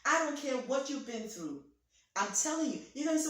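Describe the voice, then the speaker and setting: A woman's voice: high-pitched, big pitch swings, normal speed, a bit bright. A woman, a physician and pastor, preaching a motivational talk in an emphatic, theatrical, repetitive way. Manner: theatrical, acts out voices. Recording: very echoey room, voice from far off.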